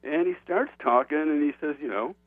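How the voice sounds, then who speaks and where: A man's voice: fairly high pitch, a little fast, no echo. Guy author telling a story on a call, laughs a lot, trips over his words, dry tinny phone sound. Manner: animated, laughs often, frequent restarts. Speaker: author guest on a show. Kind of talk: anecdotal storytelling in an interview.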